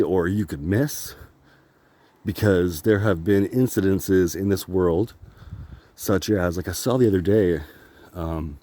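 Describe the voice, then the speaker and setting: A man vlogs on a phone held while walking outdoors, rambling in a meandering, candid walk-and-talk style, laughing often and swearing casually. His voice is deep and warm.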